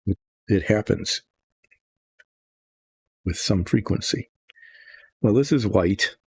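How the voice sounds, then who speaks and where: An older man with a low, gravelly voice narrates his model painting in a relaxed, rambling way. He thinks aloud, wanders off into musings, and restarts his sentences. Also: slow pace, dry recording. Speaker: miniature painter.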